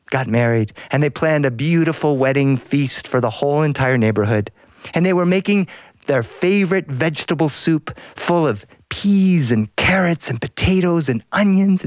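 A male storyteller tells a folk tale in a playful, sing-song voice that swoops high and low. He has a mid-range voice and plays with sound effects as he goes. The recording is close and dry. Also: dry recording. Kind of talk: animated storytelling.

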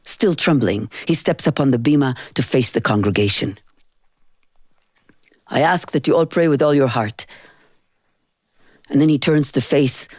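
A woman's voice: deep voice, dry recording, clean studio sound. A woman from Israel, telling a personal and traditional story in an intimate, emotional, rhythmic way. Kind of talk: spoken storytelling performance.

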